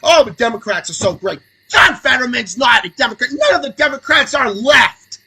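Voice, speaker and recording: Sarcastic ranting man, bright and husky. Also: extremely high pitch, lively intonation, normal speed, poor audio. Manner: angry, sarcastic, swings between muttering and shouting. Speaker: podcast host. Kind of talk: profane political rant on a livestream.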